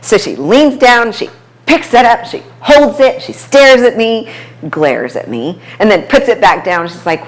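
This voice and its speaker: A woman personal trainer telling stories about her clients in a casual talk at an office, with quick asides. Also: mid-range voice, animated. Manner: conversational storytelling, quick asides. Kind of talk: casual talk to a small audience. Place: chiropractic office.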